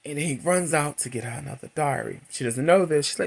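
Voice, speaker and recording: A man in his thirties giving a chatty, laughing movie recap and review, acting out characters' lines in a high voice. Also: a little fast, vocal fry, hardly any pauses.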